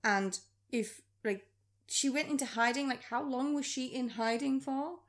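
Brief: female podcast co-host, slightly high voice, blunt and sarcastic. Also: measured pace. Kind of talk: casual film review chat.

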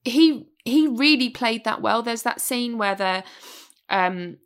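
A British woman who co-hosts a podcast chats casually about a film's cast, enthusiastic and prone to repeating herself. Her fairly high voice is expressive and slow.

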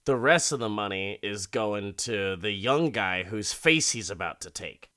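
A man's voice: on the low side, lively intonation, unhurried, pushed and bright. A man voicing a boastful male mad scientist doctor in a comic retelling, speaking in a raised, emphatic, pompous way. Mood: explaining.

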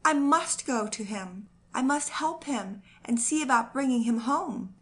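A woman's voice: on the high side, lively intonation, a little slow, a bit bright, pitched above the performer's own voice. Storybook role: woman reads a devout young mother, tender and pleading in her grief. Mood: anguished.

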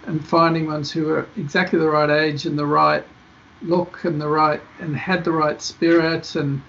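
Man rambling as interview guest, gravelly, slightly high, dull lo-fi audio. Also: flat delivery, moderate pace, a bit bright, a little hiss or hum. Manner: rambling, many fillers and restarts. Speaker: film director guest. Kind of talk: casual interview chat.

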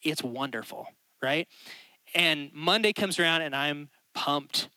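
Male pastor, conversational sermon delivery, a bit high and bright. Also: lively intonation, takes it slowly, no room sound, rough recording. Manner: conversational storytelling, keeps checking in with the crowd. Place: church.

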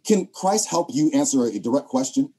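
Insistent husky man, dark tone. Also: mid-range voice, lively intonation, fairly quick. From Puerto Rican and Black. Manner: insistent, keeps cutting in with repeated "sir". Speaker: debater. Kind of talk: heated online debate.

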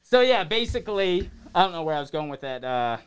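Man with a smooth, clear voice as a rambling, easygoing podcast guest. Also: on the high side, big pitch swings, fairly quick. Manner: loose, rambling storytelling. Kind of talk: casual chat.

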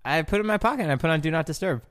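A man co-hosts a casual podcast, his pitch slightly high and moving a lot. He answers his friend with dry, laid-back remarks. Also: expressive, racing, fairly bright tone. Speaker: podcast co-host.

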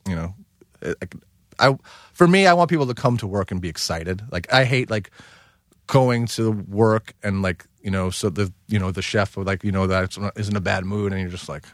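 A man's voice: on the low side, normal speed, no room sound, clean studio sound. A man, a guest chef, talking in a casual podcast conversation, rambling with many fillers.

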